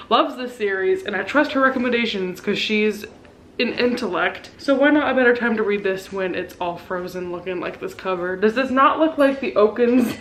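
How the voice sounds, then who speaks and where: A woman in her twenties vlogging about books at home, chatty and gushing, quick to turn sentimental. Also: medium pitch, a little hiss or hum, poor audio. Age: 20s. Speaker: book vlogger. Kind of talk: casual chatty vlog.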